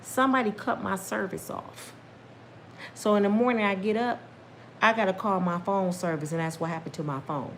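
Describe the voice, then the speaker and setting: A middle-aged woman telling a personal story casually and emphatically to her viewers, talking straight to them, breaking into religious exclamations and climbing high when worked up. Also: moderate pace, slight background noise. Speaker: storyteller vlogger.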